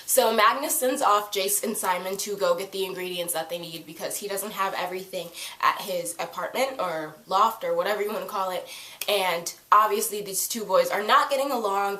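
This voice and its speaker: Excitable woman fan reviewing a TV show; casual, swears freely, recorded in an echoey room. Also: mid-range voice. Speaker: TV episode reviewer.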